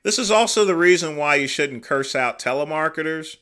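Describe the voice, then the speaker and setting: A man's voice: on the high side, animated, fairly quick, bright, forceful tone. A man from the United States hosting a livestream, giving amused, chatty commentary on a video he is watching. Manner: amused, chatty, laughs along. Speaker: livestream host reacting to a video. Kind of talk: casual reaction commentary.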